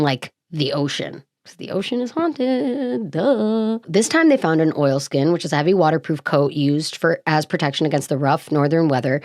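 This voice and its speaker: A woman podcast host reading a mystery script aloud and breaking off into jokey, animated asides full of quick self-interruptions. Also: low-pitched, no room sound, studio quality.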